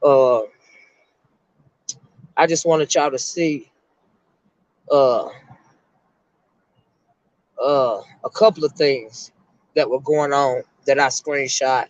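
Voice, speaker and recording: A middle-aged woman, a retired school counselor, hosting an emotional live-stream chat and speaking haltingly to her viewers. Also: rumbling low, steady tone, darkish tone, no echo, lo-fi sound. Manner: emotional, halting, repeats words while talking to her chat.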